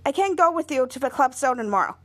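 A woman's voice: high-pitched, expressive, quick pace, no room sound. A woman voicing a polite but firm teenage girl, matter-of-fact.

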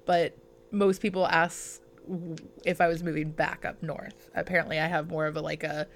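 A woman's voice: deep voice, flat delivery, normal speed, slight background noise. Fields: Sex: woman. Origin: Arkansas. Style: casual podcast chat. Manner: laughs often, chatty and teasing. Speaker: podcast co-host.

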